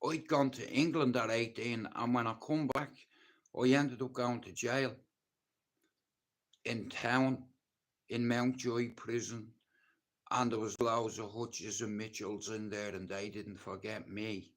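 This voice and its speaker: A man's voice: mid-range voice, steady tone, slow pace. Blunt, cursing man with a Dublin accent. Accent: Dublin Irish. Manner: blunt, heavy swearing, intense and emotional. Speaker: livestream host telling his life story. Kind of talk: casual storytelling monologue.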